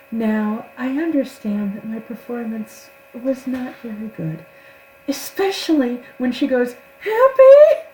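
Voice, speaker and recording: A woman's voice: on the high side, warm tone, a little hiss or hum, rough recording. A woman voice actor talking casually to the camera, chatty and self-deprecating.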